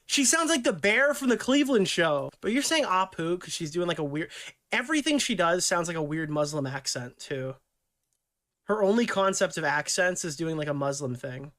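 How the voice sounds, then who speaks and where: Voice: mid-range voice, animated, normal speed, fairly bright tone. A commentator reacting casually, scoffing and swearing as they ramble.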